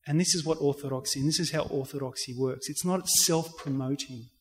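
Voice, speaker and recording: An earnest man recounts his faith as an interview guest, slightly high for a man. He often restarts his sentences as he tells the story. His voice rings with a long reverb, as in a big hall. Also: fairly quick. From Australia. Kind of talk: personal faith testimony.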